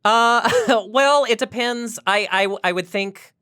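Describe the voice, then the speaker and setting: A woman's voice: fairly high pitch, slow pace, a bit bright, smooth. A woman hosting a podcast in casual chat, teasing and quizzing her guest playfully. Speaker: podcast host.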